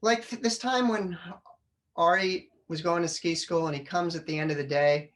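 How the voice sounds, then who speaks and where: Middle-aged man, funny storytelling speaker, lively and animated. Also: fairly high pitch, normal speed. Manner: animated storyteller, acts out family voices. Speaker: public speaker. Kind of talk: humorous storytelling speech. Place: club meeting room.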